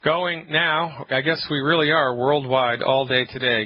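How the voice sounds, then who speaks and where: With a steady mid-range voice and a measured pace, a man hosts a call-in health program as a naturopath, taking few pauses amid slight background noise. The lo-fi broadcast is dull, but his delivery is emphatic and jokey, with rants featuring mock-angry acted quotes.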